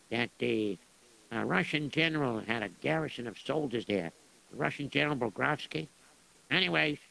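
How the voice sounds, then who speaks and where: A man recounts a tale in a radio drama, rambling and casual. His voice is gravelly, bright and edgy. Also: fairly high pitch, poor audio.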